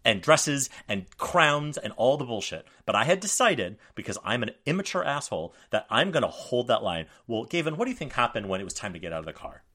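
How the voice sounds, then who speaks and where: A man in his forties co-hosting a podcast, telling stories in an animated, profane, self-mocking way. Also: mid-range voice, fairly quick, few pauses. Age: 40s. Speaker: podcast co-host. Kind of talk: casual chat.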